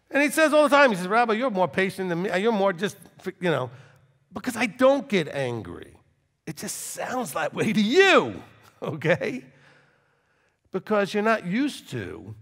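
A man, a rabbi, preaching to a congregation with intense swings from loud forceful bursts to quiet low talk. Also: big-room sound. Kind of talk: sermon.

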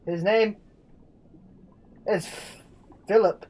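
Goofy high-voiced young man playing a game. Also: steady tone, drawn-out words, darkish tone, low-quality recording. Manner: playful, goofy sing-song narration. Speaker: gaming video host. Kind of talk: casual game commentary.

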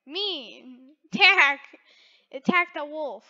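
A woman's voice: high voice, slow pace, pauses often, bright, forceful tone, dull audio. A woman giving playful, teasing gameplay commentary with frequent giggles. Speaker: gaming video creator.

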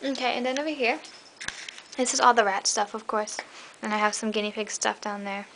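A young woman with a fairly high voice chats on through a home tour of her pets' cages. She sounds tired and rambles, full of ums and likes. The handheld camera mic picks up clear background noise. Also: steady tone, brisk, fairly bright tone, poor audio. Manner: rambling, chatty, many fillers; high coaxing voice when calling her pets. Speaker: pet vlogger. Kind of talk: casual pet cage tour. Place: indoor room at home.

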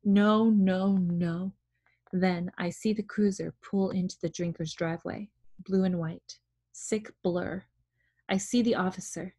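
A woman reading a novel aloud in a hushed, measured way. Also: fairly low pitch, husky. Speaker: audiobook reader.

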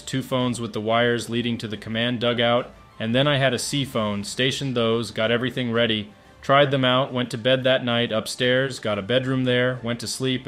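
This is a middle-aged man recalling his time as a wartime filmmaker, speaking in a mid-range voice with a fairly bright tone. His recollection is straightforward and matter-of-fact, with some rambling and restarted sentences.

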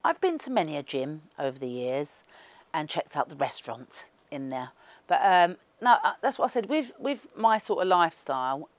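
Low-voiced Cockney woman, chatty. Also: very animated, normal speed, dry recording. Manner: chatty, rambling, with many fillers. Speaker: interviewee. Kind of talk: casual chat.

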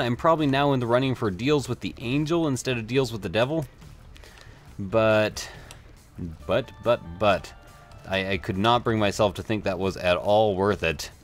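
Rambling man narrating gameplay. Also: medium pitch. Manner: rambling and offhand, with mild swearing. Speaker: let's play host. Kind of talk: gameplay commentary. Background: faint game music.

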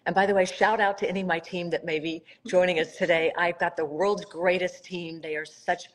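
Her pitch fairly low and intonation fairly even, this middle-aged nonprofit founder from South Carolina speaks fairly quickly over a rough recording. She recounts her story warmly on Instagram live, with heartfelt, emphatic surges.

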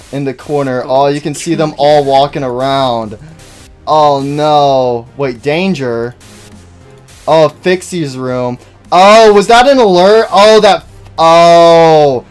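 A young man hosting a horror game let's-play, rambling and jittery, who bursts into high-pitched panicked yelling. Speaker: gaming channel host.

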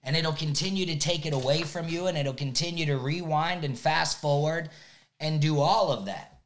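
A man who coaches youth sports, giving an energetic motivational talk and checking in with "right?" again and again. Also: fairly high pitch, normal speed, a little hiss or hum. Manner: energetic, repeats "right?" often.

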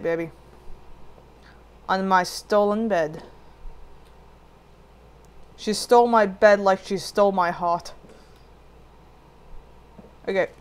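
A woman streams herself playing a puzzle game, casually commenting and talking back at the screen with jokey frustration. Her voice is medium in pitch, clear, and resonant.

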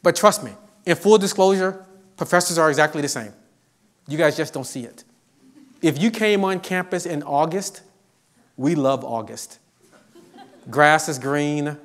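Animated, fairly high-voiced male professor. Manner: animated storyteller, acts out quotes. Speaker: professor giving a guest lecture. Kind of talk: humorous motivational lecture. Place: university lecture.

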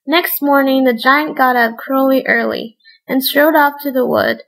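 A woman reading a fairy tale aloud as a bedtime story, in a measured storybook manner. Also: high voice, steady tone, gravelly, a bit bright, rough recording.

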